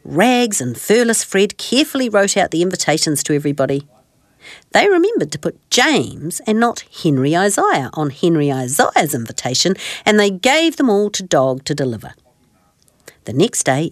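A woman host reading a children's story aloud in a gentle, expressive storytelling manner. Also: on the low side, no room sound, studio quality.

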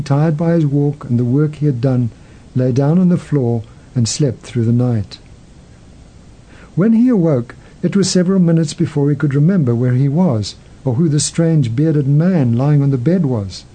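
Guy reading a story slow and gentle, really dark mellow voice, bit husky. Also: medium pitch, rough recording. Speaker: host. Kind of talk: storytelling narration.

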